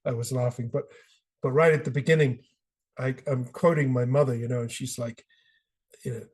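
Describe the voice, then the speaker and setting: A man's voice: mid-range voice, steady tone, fairly quick, darkish tone, husky. A middle-aged British man, an author guest on a podcast, telling his story with passion and acting out quotes. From Britain. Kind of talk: podcast interview.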